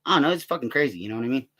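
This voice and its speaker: A man's voice: medium pitch, animated, racing, fairly bright tone. Profane rambling man ranting casually. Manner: profane, rambling, quotes others in raised voices. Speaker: vlogger. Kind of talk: casual rant to camera.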